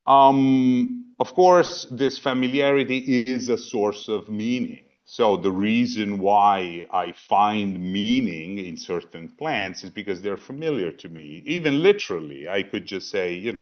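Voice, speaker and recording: Low-voiced man on a muffled call. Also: unhurried, few pauses. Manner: thinking aloud, repeats words, many asides. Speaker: panel presenter. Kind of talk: philosophy talk in a virtual program. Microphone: video call. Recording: dull lo-fi video call audio.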